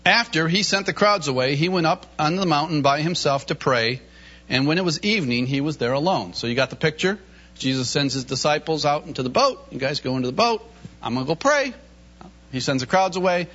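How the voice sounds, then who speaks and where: A man preaching a lively sermon, with a high and very expressive voice that swings up and down. His tone is bright and pointed. The recording sounds dull and lo-fi. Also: fairly quick. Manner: animated, acts out Bible voices, laughs often.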